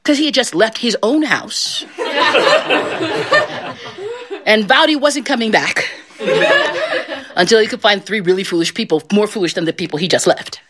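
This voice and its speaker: A middle-aged woman telling a folktale aloud, expressive and laughing often as she narrates. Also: medium pitch, unhurried, pauses often, crowd noise. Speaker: storyteller. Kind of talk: animated oral folktale telling.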